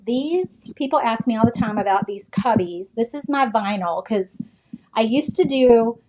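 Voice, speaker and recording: Woman chatting on a live stream while walking round her craft room, kinda breathless, lots of um and like, loud noisy clicky background. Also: fairly high pitch, animated, a little slow. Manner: rambling, chatty, many ums and likes. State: slightly out of breath. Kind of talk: casual live-stream chat.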